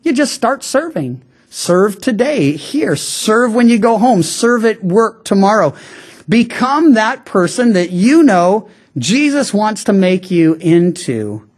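A pastor delivering a sermon in a middle-pitched voice, talking to the congregation like a conversation rather than a speech. The delivery is full of small restarts and repeated words. On the key lines the pace drops to a slow, deliberate emphasis. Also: very animated, a little mellow. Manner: conversational preaching, slowing down on key phrases; frequent restarts and stammered repeats.

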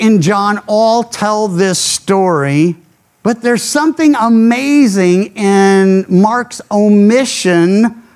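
A man preaching a radio sermon, teaching through a Bible passage in a conversational, folksy storytelling way with casual asides. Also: high voice. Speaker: pastor.

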